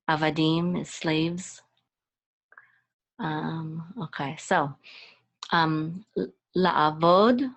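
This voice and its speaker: A woman teaching a Hebrew reading lesson, walking patiently through letters and vowel sounds one at a time, with frequent hesitations and restarts. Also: low-pitched. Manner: spells out sounds and syllables one by one. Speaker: Hebrew and Torah chanting teacher. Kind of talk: slow step-by-step reading lesson.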